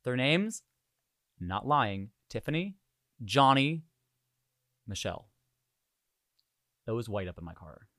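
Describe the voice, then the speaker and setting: A man's voice: medium pitch, sing-song, takes it slowly, pauses often, fairly bright tone, dry recording, clean studio sound. A young man from Hawaii hosting a casual podcast, telling a story in a jokey, profane way. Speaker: podcast host.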